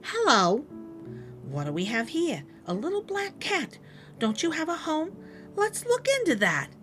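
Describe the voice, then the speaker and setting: A gentle, soft-spoken old lady from a storybook, kind and a little lonely, as a woman reads her aloud. Her voice lifts and dips with a lively swing. Faint music plays under it. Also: sits high, unhurried, voice pushed up, exaggerated voice. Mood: comforting.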